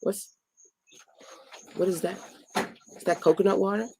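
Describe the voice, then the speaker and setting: A woman's voice: mid-range voice, fairly even intonation, measured pace, vocal fry, warm tone, husky, no room sound, poor audio. Tired, playful woman hosting a late live. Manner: chatty and playful, talks to viewers and family mid-stream. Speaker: online business coach hosting a live stream. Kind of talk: casual late-night live teaching. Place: home at night.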